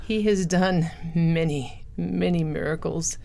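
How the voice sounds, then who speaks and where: Taking it slowly, a middle-aged woman with a fairly low, creaky, warm voice recounts her life story earnestly as a guest in a studio testimony interview, performing the quoted voices.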